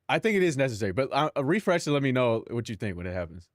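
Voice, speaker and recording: Young guy on a live stream, chatty and sweary, talks to himself a lot, mid pitch, dry close mic sound. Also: big pitch swings, rapid-fire, hardly any pauses, no room sound. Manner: rambling, profane, talks to himself and chat. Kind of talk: casual live-stream chat.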